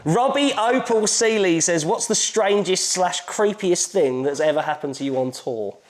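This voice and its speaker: A man hosting a casual interview show, chatty and quick to laugh, with lots of filler words. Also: high-pitched. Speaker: TV show host.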